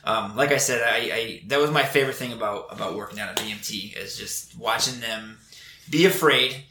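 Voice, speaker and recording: An Air Force instructor speaks briskly in a lowish, bright and forceful voice, the roomy sound carrying a little hiss or hum. Chatting casually, he tells earnest tales about training recruits, frequently starting over mid-thought.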